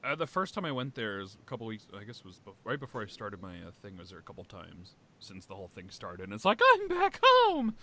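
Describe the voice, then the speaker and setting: A man hosting a podcast in casual chat, animated and swearing, with big swings in pitch. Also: fast, few pauses, slight background noise. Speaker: podcast host.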